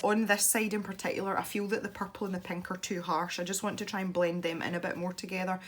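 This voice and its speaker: A woman's voice: lowish voice, flat delivery, quick pace. A Scottish woman from Scotland, chatting casually while demonstrating an art technique for her channel, rambling and laughing easily. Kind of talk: casual tutorial chat while colouring.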